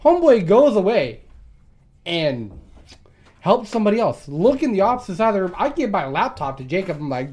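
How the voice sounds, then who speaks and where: A man's voice: high voice, animated, fairly quick, darkish tone. A young man co-hosting a casual chat with friends, telling crude stories, swearing freely and laughing often. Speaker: podcast co-host.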